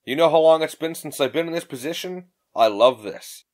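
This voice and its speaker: A brash young woman, impatient and quick to swear, as a male narrator puts her on. Her voice sits lifted and swings widely. She sounds direct and demanding in this audiobook. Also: fairly high pitch, lively intonation, natural voice. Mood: frustrated. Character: brash foul-mouthed young woman adventurer.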